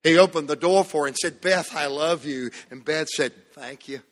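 A man from the American South preaching a sermon to a church, shifting between loud shouts and hushed, drawn-out phrases. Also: fairly high pitch. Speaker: pastor. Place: church sanctuary. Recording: long hall reverb.

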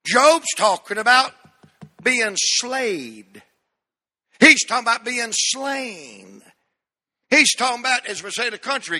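Bright, slow-preaching pastor in his sixties. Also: very high-pitched, long reverb tail. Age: 60s. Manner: emphatic preaching, repeats key words. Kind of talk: sermon. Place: church.

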